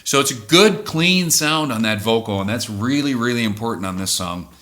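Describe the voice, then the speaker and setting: A man who sings in a cover band, calmly explaining how he builds a track, pausing to correct himself as he goes. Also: medium pitch. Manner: measured, thoughtful, self-correcting. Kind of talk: explaining music production.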